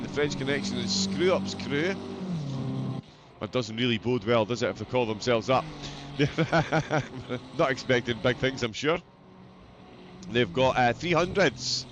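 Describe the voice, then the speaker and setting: Chatty Scottish race commentator. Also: male voice, medium pitch, background noise. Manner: chatty, jokey, reads out chat. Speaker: sim racing commentator. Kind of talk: live stream race commentary.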